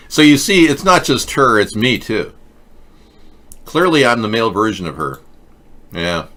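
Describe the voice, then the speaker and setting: A man's voice: on the low side, lively intonation, a little slow, long pauses, bright, forceful tone. A man hosting a live political chat show, talking in a sarcastic, mocking way. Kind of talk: casual satirical chat with live chat.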